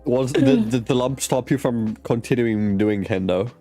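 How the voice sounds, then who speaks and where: A man hosting a casual online interview show, friendly and quick with short encouraging replies. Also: medium pitch, lively intonation, mellow, soft background music. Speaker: host.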